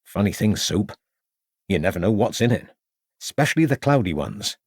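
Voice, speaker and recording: A man's voice: lowish voice, very animated, normal speed, slightly rough, no echo. A man voicing a down-to-earth police constable with a dry, matter-of-fact manner in an audiobook reading. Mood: wry.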